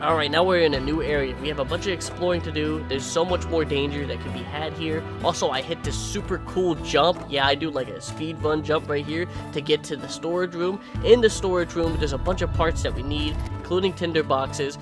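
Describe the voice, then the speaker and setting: A young man with a high voice talks over his horror game run. He narrates loosely with fillers and turns goofy and loud when he taunts the game's monster. Loud game music plays under him. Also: brisk, hardly any pauses. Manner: laid-back narration with fillers. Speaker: gaming YouTuber. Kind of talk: let's play commentary with voice-over.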